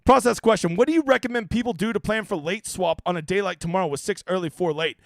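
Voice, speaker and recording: A man's voice: high voice, fast talker, no room sound, studio quality. A man hosting a fantasy sports stream, casually answering chat questions in a loose, profane, joking way with frequent stammers.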